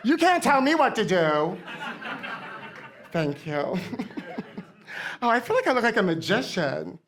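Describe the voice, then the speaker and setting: A woman's voice: mid-range voice, very animated, measured pace. Woman doing a campy diva pop star. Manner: campy, calls everyone honey, rambling asides. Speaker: comedy guest in character. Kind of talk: live comedy stand-up in character. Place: theater stage with live audience.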